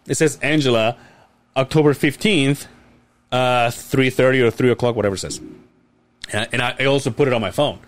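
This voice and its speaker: A man's voice: mid-range voice, a little fast. A man in his late thirties hosting a podcast, telling a long, rambling story in casual chat and swearing freely. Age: late 30s. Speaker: podcast host.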